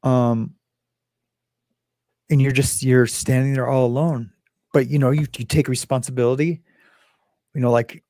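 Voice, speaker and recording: A man talks in a rambling, emotional way, his voice gravelly with fry. His mid-range pitch sits close to the mic in a dry, dead space, full of fillers and restarts as he hosts the show. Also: flat delivery, unhurried, pauses often, dark tone, dry recording. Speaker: host. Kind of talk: casual talk.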